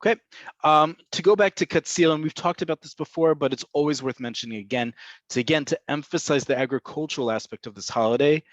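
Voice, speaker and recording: A man's voice: fairly high pitch, quick pace, dry recording, muffled recording. A man giving an online webinar lesson on Hebrew vocabulary, explaining patiently with frequent "um"s and "right?" check-ins. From Israel-based. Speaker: Hebrew teacher.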